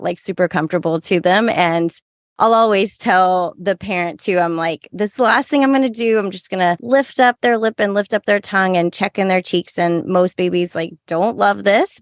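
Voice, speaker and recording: A woman lactation consultant hosts a casual podcast, her usual voice low but jumping to playful highs. She is animated and giggly throughout. The recording is dry and close. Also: no room sound. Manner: animated, giggly, jumps to high playful tones.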